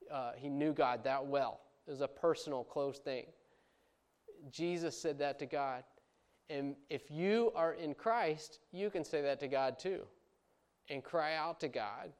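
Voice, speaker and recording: A man's voice: medium pitch, clean tone. A man in his thirties preaching a sermon as a pastor, in a conversational way full of asides. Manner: conversational, many asides and fillers.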